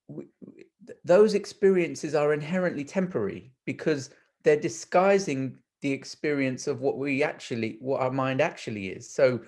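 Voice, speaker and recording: A man's voice: mid-range voice, darkish tone. A man speaking as a guest in a Q&A session, explaining ideas earnestly and thinking aloud, often repeating words and restarting sentences. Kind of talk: reflective explanatory talk.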